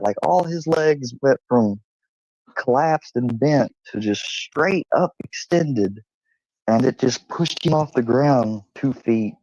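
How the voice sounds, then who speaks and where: A man streaming from home, telling an animated story casually and swearing freely, and cooing at his dog. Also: dry recording, dull audio. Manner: animated, swearing, high-pitched when imitating animals; coos at his dog in a high sing-song.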